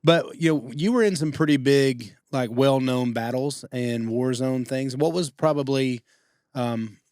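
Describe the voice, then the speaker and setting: A man's voice: medium pitch, measured pace, darkish tone, no room sound. Male podcast host, mid-range voice, casual interviewer, dry studio sound. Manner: interjects short reactions and questions.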